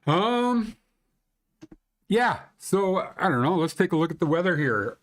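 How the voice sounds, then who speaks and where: A man's voice: sits high, very animated, unhurried. A man hosting a casual live stream about local ski conditions, chatting with viewers in a rambling, joking way with lots of fillers. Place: Banff area.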